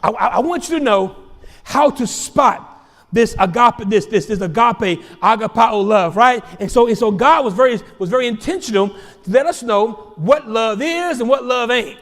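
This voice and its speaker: A male pastor preaching a sermon to his congregation, repeating phrases, shouting out points and joking with the crowd. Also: extremely high pitch, lively intonation, moderate pace, big-room sound. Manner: preaching with shouts, repetitions and humor. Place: church sanctuary.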